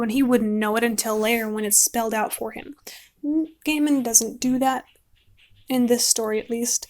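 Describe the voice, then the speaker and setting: Chatty woman rambling about a book. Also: on the high side. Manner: chatty, rambling, laughs often. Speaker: book vlogger. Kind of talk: casual rambling book talk while painting.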